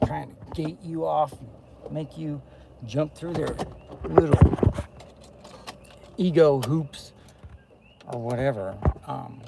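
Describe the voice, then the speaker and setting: A young man talking to his camera while riding in a car, rambling casually, excitable one moment and murmuring the next. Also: on the high side, takes it slowly, creaky, long pauses, heavy background noise. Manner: excitable, jumps between topics, swings from loud to murmured. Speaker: vlogger. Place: inside a car.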